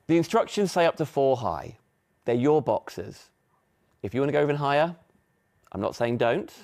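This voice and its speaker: A middle-aged man presenting a live TV shopping demonstration, giving chatty, upbeat sales patter with asides to viewers. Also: mid-range voice.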